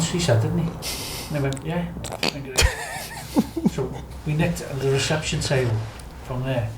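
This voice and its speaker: A man's voice: fairly high pitch, reverberant, background noise. A Scouse man from Liverpool telling a wild story as a podcast guest, laughing often, swearing freely and acting out what people said. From Liverpool, England. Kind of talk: casual anecdote telling.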